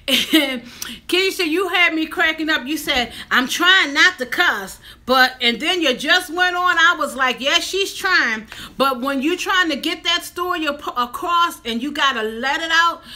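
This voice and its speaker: Woman, high bright voice, unhurried, animated casual vlog chat. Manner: animated, talks straight to viewers, emphatic. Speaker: vlogger. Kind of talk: casual mukbang chat to viewers.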